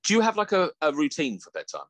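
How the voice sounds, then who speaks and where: A man's voice: on the high side, huge pitch swings, quick pace, fairly bright tone, no echo. A man co-hosting a podcast in casual chat, sweary and giggly, rambling from one story to the next. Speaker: podcast co-host.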